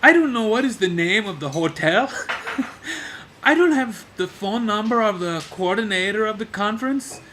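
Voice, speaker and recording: A man's voice: sits high, moderate pace, bright, forceful tone, slight background noise, voice pushed up. A man mimicking his vain, demanding boss in a raised, pompous, indignant voice. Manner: pompous, self-satisfied, then whiny and indignant. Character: vain, demanding middle-aged male boss.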